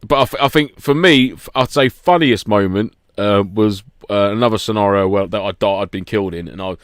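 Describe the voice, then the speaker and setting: A man's voice: lowish voice, a little fast, no echo, clean studio sound. A man co-hosting a podcast, chatting casually, telling anecdotes and swearing now and then. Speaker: podcast co-host. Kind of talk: casual chat.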